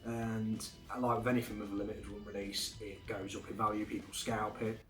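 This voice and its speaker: A man chatting casually about his game finds, relaxed and rambling with fillers. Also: fairly low pitch, a little fast. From England. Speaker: game collecting vlogger. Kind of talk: casual chat. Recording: echoey room, faint music behind.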